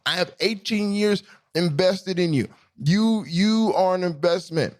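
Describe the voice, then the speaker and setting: Podcast guy ranting about movies, cussing a lot, kinda high voice, super animated. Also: a little slow. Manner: animated, profane, emphatic riffing. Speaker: podcast host. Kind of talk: casual spoiler chat.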